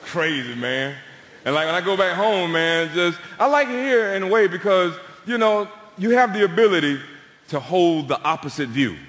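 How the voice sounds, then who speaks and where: A man's voice: high-pitched, normal speed. Drawling Southern US male comedian. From American Deep South. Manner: lively, drawling storyteller with punchy deadpan tags. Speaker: stand-up comedian. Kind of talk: stand-up comedy set. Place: large theatre on stage, audience laughing. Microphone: stage microphone. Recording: echoey theatre hall with long reverb.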